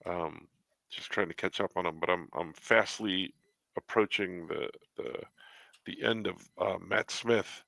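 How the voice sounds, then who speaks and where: A man, a cartoonist, chatting casually on a livestream in an easygoing, halting way. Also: sits low, creaky, sharp tone, dry recording. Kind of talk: casual chat.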